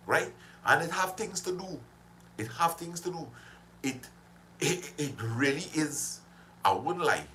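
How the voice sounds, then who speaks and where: Man, mid-pitch, motivational live streamer, repetitive and preachy, slight hum in the audio. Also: a bit bright, poor audio.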